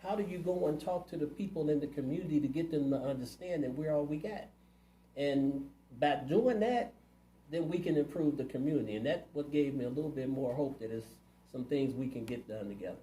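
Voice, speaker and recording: A man's voice: a little high, fairly quick, dark tone, reverberant, slight background noise, rough recording. A man running for city council, answering interview questions in a plainspoken, earnest way. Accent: Ohio. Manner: earnest, plainspoken, community-minded.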